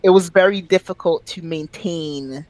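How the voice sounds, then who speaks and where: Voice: medium pitch, normal speed, a little mellow, no room sound, rough recording. A podcast guest speaking casually and emphatically, full of fillers, about their own language business. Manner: opinionated, emphatic, frequent fillers.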